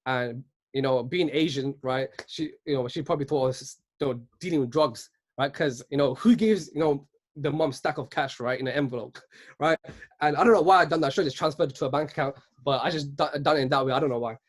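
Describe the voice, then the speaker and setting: Fast-talking earnest young man. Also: mid-range voice. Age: 20s. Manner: earnest, keeps asking "right?". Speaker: speaker at a virtual business event. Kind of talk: motivational talk.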